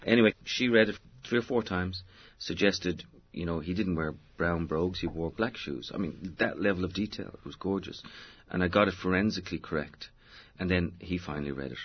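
A man's voice: low-pitched, a little fast, husky, lo-fi sound. An Irish man, a novelist, answering interview questions in a digressive, storytelling way with many fillers. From Ireland. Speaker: novelist guest.

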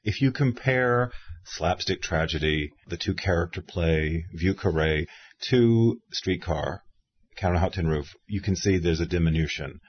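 A man's voice: low-pitched, unhurried, slightly rough, highs cut off. A man in his fifties, an interviewer and author, telling stories in casual conversation and mimicking the people he quotes. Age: 50s. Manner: animated storyteller who mimics people he quotes.

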